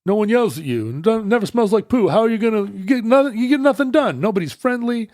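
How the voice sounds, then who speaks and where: A brash, scornful New Yorker shouts high and pushy, put on by a man in casual chat. The voice jumps up well above his usual talk and swings wide. The sound is close and dry. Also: expressive, fast talker, dry recording.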